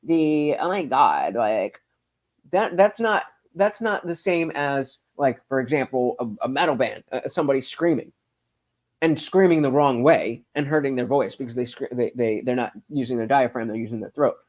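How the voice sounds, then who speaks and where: A man's voice: medium pitch, moderate pace, a little mellow. A man hosting a casual livestream, reading chat and rambling profanely with lots of stammered fillers. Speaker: streamer host reading live chat.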